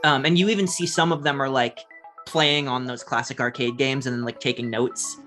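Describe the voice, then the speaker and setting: A man's voice: mid-range voice, fairly even intonation, a little fast, bright, forceful tone, soft background music. Man game master narrating casually. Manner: casual, descriptive, filler-heavy.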